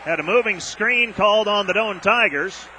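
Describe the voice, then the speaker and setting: A man with a high voice calls a college basketball game for radio at a normal speed, rattling off the action and getting loud on big moments. He is openly fed up with the officiating, and there's a slight hiss or hum in the recording.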